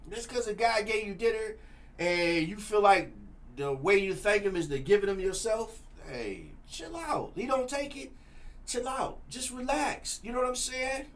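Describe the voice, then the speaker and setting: Male talk host, high-ish voice, preachy, animated, casual. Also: moderate pace. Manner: preachy, animated, repeats "you know what I'm saying". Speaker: show host.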